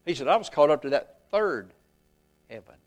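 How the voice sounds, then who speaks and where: A man delivering a sermon in a voice pitched somewhat high for a man. He reads scripture in old-fashioned wording, swelling loud and slow for emphasis, then sinking to a low, soft hush. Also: animated. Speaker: preacher.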